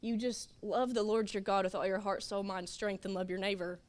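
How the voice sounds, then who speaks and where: A woman's voice: mid-range voice, steady tone. A woman giving an earnest, emotional testimony in a church class, tearful and sniffling into a microphone. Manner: emotional, earnest, halting with little laughs. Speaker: children's ministry volunteer.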